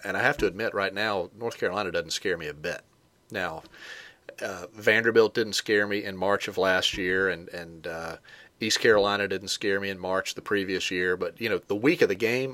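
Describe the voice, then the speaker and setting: A man hosting a casual sports talk show, talking in a halting way with many fillers and restarts. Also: sits low, bright, forceful tone, no echo.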